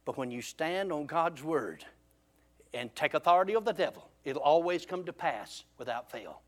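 A man preaching, telling a folksy story in a lively, drawling way. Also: a little high, normal speed.

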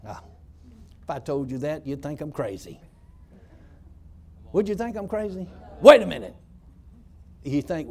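A man's voice: fairly high pitch, expressive, a little slow, pauses often, a little mellow, a little hiss or hum. A man telling a testimony story as a former prison pastor, in a folksy, emphatic way.

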